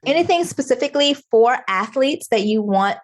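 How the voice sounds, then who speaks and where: A woman's voice: a little high, expressive, moderate pace. A woman hosting an interview, prompting her guest with eager follow-up questions. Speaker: interviewer host. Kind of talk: conversational interview.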